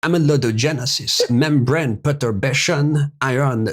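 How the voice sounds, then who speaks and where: A man doing a slow, deliberate impression of a well-known man while reading a scientific text aloud. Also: medium pitch, close to an everyday voice. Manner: drawn-out, measured reading. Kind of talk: read-aloud in a put-on voice.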